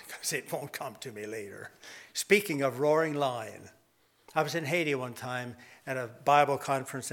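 A man's voice: mid-range voice, fairly bright tone. An older man preaching a sermon in a rambling, folksy storytelling way, with self-deprecating humor.

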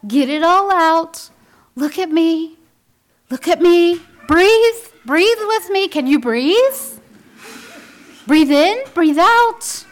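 A woman's voice: extremely high pitch, expressive, takes it slowly, voice pushed up, exaggerated voice. A woman putting on the voice of a fretful young mother coaxing her small child in a pleading, sing-song way.

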